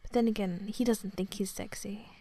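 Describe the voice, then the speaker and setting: A woman in her twenties with an Australian accent, in a whispered role-play, talking softly to the listener, rambling and apologizing. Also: mid-range voice, fairly even intonation, normal speed. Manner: soft-spoken, rambling, apologetic.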